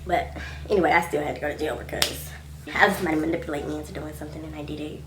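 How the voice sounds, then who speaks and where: A woman in her twenties telling a storytime vlog in a blunt, profane, animated way. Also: low voice, rapid-fire, noisy background. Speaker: vlogger. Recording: echoey room.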